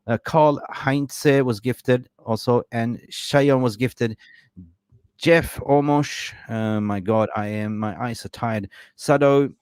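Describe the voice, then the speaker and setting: A man's voice: medium pitch, slow, darkish tone, smooth, dry recording, clean studio sound. A man hosting a live stream, talking in a casual, effusive and rambling way. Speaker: livestream host.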